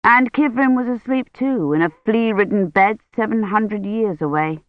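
Slow even audiobook narrator, dry close recording, kinda muffled. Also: medium pitch, no room sound. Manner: measured, even reading. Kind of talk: scripted narration. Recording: dull lo-fi dry studio audio.

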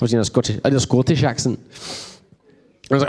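A man's voice: mid-range voice, steady tone, brisk, darkish tone. A man teaching a church group in a casual, rambling way, often checking in with his listeners. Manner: chatty, rambling, checks in with the room. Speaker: preacher.

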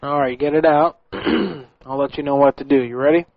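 Man, prank host, cheeky deadpan, higher voice, dull lo-fi audio, faint music. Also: moderate pace, creaky, dry recording. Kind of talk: casual chat.

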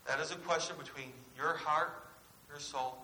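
A man's voice: fairly high pitch, steady tone, normal speed, bright, forceful tone. A man preaching a sermon as pastor, earnestly putting questions to his congregation. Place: church. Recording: echoey church room with faint hiss.

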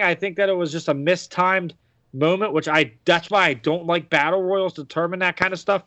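A man's voice: high voice, steady tone, moderate pace, pushed and bright, no echo, lo-fi sound. An American man hosting a podcast, chatting casually about wrestling with lots of fillers and restarts. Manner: rambling, many fillers and restarts. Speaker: podcast host.

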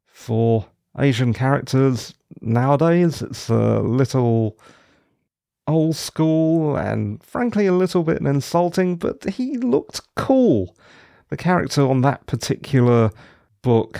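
A middle-aged man talks slowly and unhurriedly on his own podcast, rambling through opinions with a self-deprecating edge. His voice has a gravelly, fry-laden texture, recorded dry and close with no room sound. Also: medium pitch, a little mellow, no echo. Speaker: podcast host. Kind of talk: solo casual podcast chat.

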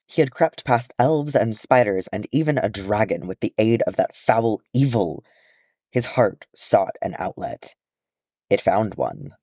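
Male narrator, low voice, lively intonation, dark tone, dry close sound. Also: vocal fry, dry recording. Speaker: audiobook narrator. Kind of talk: reading fan fiction aloud.

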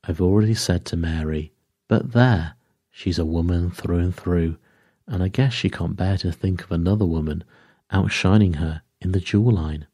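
A man's voice: low voice, normal speed, mellow, breathy edge, dry recording, clean studio sound. A man voicing a big, blustering male actor with a hearty, brash way of talking.

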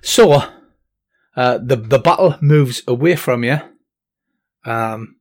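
A man's voice: medium pitch, slow. A man narrating a tabletop game as game master, with many ums and restarts. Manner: hesitant, lots of ums and restarts.

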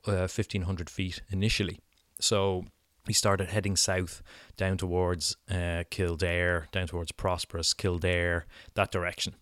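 A middle-aged Irish man tells a story on his podcast in a loose, chatty monologue, leaning on "you know" and small restarts. His voice sits very low and comes across smooth and resonant. The sound is dry and close, with no room echo. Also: a bit bright. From Ireland. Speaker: podcast host.

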